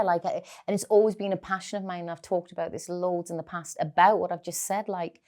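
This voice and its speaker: A middle-aged woman with a Geordie accent and a lowish, slightly mellow voice chats candidly as a guest actress in an interview. She tells stories in a chatty way, peppered with "like" fillers.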